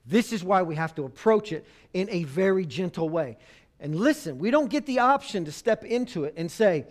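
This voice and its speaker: A man preaching a sermon on marriage, swinging from loud emphasis to hushed, intimate tones. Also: high voice, lively intonation, brisk.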